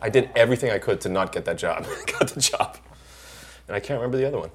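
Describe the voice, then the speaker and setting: A middle-aged actor in casual chat, telling lively stories and acting out the people he quotes. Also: on the low side, fast, husky. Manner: animated storyteller acting out quoted voices. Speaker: actor guest.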